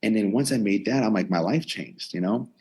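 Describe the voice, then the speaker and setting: Husky-voiced young man telling his story. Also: on the low side, a little fast. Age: 20s. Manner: animated storyteller, quotes himself and others. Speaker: gym owner and personal trainer. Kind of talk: casual storytelling interview. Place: his gym in a converted storage unit.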